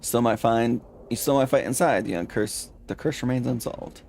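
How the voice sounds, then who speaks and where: A man's voice: medium pitch, moderate pace, darkish tone, a little hiss or hum. A man streaming a game, reading its text aloud with dramatic flair and playful asides.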